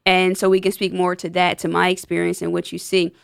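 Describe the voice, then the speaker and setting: A woman's voice: fairly low pitch, completely flat delivery, fairly quick, gravelly, clean tone, no echo, studio quality. Candid woman hosting a podcast. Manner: candid, joking, talks through her feelings. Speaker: podcast host. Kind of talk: casual podcast chat. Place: studio.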